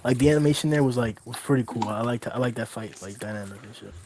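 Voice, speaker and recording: A man's voice: mid-range voice, fast talker, a crowd in the background. Rambling, swearing man in voice chat. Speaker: discussion participant. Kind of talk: casual group chat.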